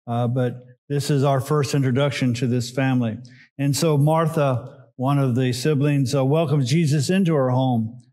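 A middle-aged man, a pastor, preaching a sermon in a relaxed teaching way with frequent "uh"s and side remarks. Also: mid-range voice, moderate pace. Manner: conversational teaching with asides and filler "uh"s.

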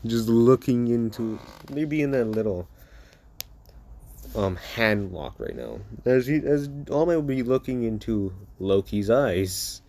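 A man's voice: mid-range voice, expressive, takes it slowly, darkish tone. A man improvising a fan story, rambling and casual, with plenty of swearing.

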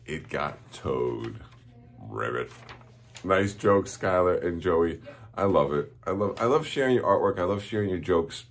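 A man's voice: low voice, normal speed, a little hiss or hum. A man, a school principal, giving cheerful morning announcements to students and chuckling at their jokes.

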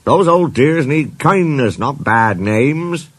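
Brief: kindly old storybook engine, voiced by a man, soft-spoken, husky, dry. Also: on the high side, animated, takes it slowly, no room sound, pitched above the performer's own voice, full character voice. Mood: gentle. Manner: gentle, protective.

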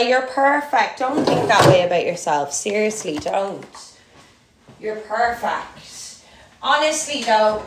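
A young Irish woman with a Louth and Dublin accent, chatting casually to her followers in a rambling way, with lots of "like". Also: medium pitch. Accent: Irish, a mix of Louth and Dublin. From Ireland. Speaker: TikTok creator. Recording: echoey room with clear background noise.

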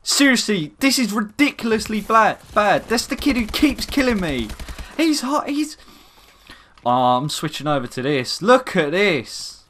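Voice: mid-range voice, very animated, unhurried, fairly bright tone. A gaming commentator talking over gameplay, exasperated and ranting at the game.

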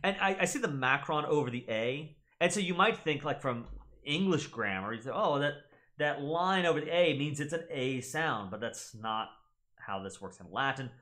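A man's voice: on the high side, animated, normal speed, sharp tone. A young American man hosting a gaming channel, casually explaining things in a teacherly way and checking in with the listener. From United States.

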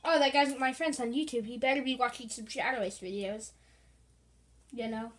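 A woman's voice: a little high, steady tone, moderate pace, rough recording. A woman giving casual, rambling, playful commentary while playing a video game, with jokey asides. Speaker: gaming channel host.

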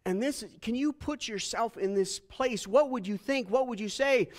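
A man preaching a sermon as pastor, animated and joking, asking the congregation questions. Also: extremely high pitch, normal speed, hardly any pauses.

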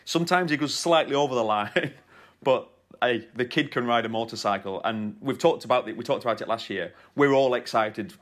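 A man's voice: medium pitch, moderate pace, fairly bright tone. A man co-hosting a podcast, telling stories in a casual, teasing way. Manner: storytelling, teasing banter. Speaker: podcast co-host. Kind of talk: casual chat.

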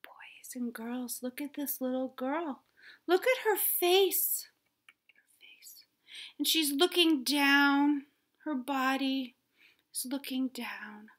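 A preschool teacher, a woman with a fairly high, bright voice, talks slowly to young children. She asks them patient, coaxing questions. She keeps slipping into a hushed whisper before lifting her voice again. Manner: drops often to a soft whisper, then warm emphasis. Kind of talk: gentle lesson for young children.

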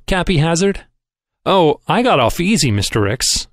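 A man reading a novel aloud as scripted narration, giving the characters their own voices in a lively, expressive way. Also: a little high, normal speed, no room sound, clean studio sound. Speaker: audiobook reader.

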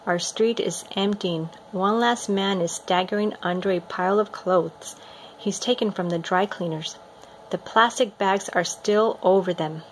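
A woman reading a picture book aloud in a steady, expressive storytelling manner. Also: mid-range voice, a little slow, a little hiss or hum. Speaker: reader.

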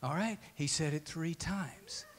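Brief: earnest male pastor, slightly high, reverberant sanctuary. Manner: earnest exhortation, quick with slow emphatic repeats. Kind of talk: sermon. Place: church sanctuary.

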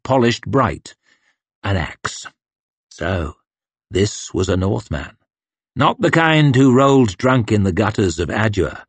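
A man's voice: mid-range voice, no room sound. A man narrating an audiobook in a tense, dramatic reading style. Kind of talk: scripted narration.

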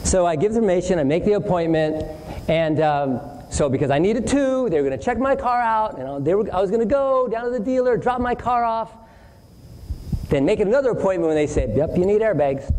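Storytelling pastor in an echoing hall. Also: male voice, high-pitched, a little fast. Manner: animated anecdote with voiced quotes. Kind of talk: storytelling sermon. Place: church hall. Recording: distant hall reverb, faint noise.

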